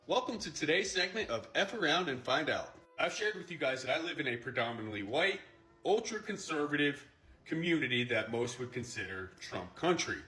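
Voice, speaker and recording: A man presenting a commentary segment in a steady, explanatory way. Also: on the high side, a little fast, faint music behind. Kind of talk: scripted commentary. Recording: roomy echo.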